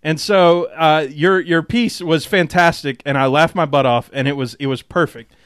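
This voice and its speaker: A man hosting a podcast in casual chat, often laughing and filling pauses with "uh". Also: fairly high pitch, a bit bright, no echo, studio quality. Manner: giggly, filler-heavy. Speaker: podcast host.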